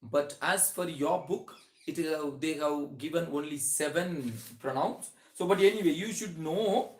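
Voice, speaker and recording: A man teaching a grammar lesson, starting many sentences with "so", restarting phrases and drawing out his example words. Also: a little high. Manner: explains slowly with many "so" openers and restarts, stretches example words. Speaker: English teacher. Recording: echoey room.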